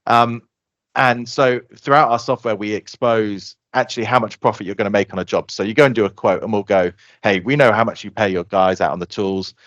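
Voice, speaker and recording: Man, low voice, rapid animated pitch, close dry mic, lo-fi. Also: no echo. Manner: fast, animated explaining, acts out customer quotes. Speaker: software company guest. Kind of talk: casual podcast interview.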